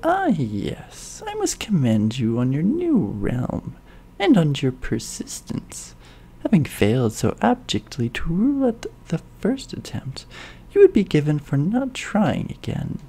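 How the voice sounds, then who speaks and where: A woman voicing a cold, sneering villainous courtier in a video game, speaking slowly and disdainfully. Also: low voice, huge pitch swings, mellow, husky, full character voice. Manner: slow, disdainful, menacing.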